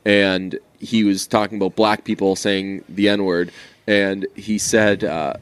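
A man co-hosting a podcast in casual banter, rambling and swearing freely with quick asides. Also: lowish voice, flat delivery, smooth, no echo. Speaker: podcast co-host.

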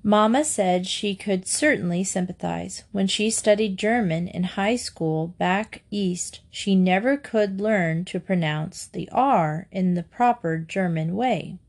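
A woman reads a children's book aloud in a calm narrating voice. Her delivery is slow and even. Her pitch sits in the middle.

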